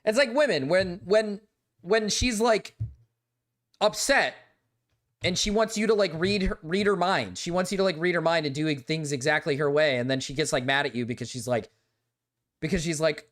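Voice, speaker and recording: At a normal speed, a young man running a live stream speaks in a slightly high, fairly bright voice. He talks casually and rambles in an exasperated way, saying "like" constantly and repeating himself.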